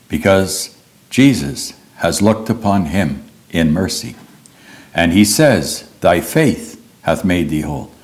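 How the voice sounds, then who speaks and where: A man preaching a sermon, retelling scripture in a slow, earnest storytelling manner. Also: on the low side. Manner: slow, earnest storytelling with lively rises and drops.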